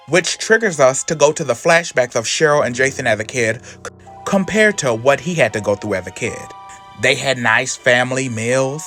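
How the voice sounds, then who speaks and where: A man's voice: medium pitch, expressive, moderate pace, a bit bright, faint music behind. A man recapping a comic in a sassy, slangy, casual way, often calling listeners honey.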